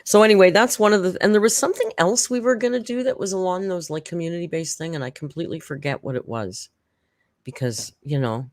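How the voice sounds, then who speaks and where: A woman's voice: lowish voice, fast talker, dry recording. Middle-aged woman hosting a live stream, rambling and emotional, dry close sound. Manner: rambling, emotional, laughing often. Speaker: streamer host. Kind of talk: casual live-stream chat.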